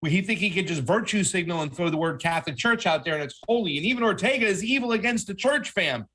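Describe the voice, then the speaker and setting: Male co-host, bright forceful voice, heated profane commentary. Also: high voice, expressive, fast. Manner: heated, profane, says "fam" often. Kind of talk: casual political commentary.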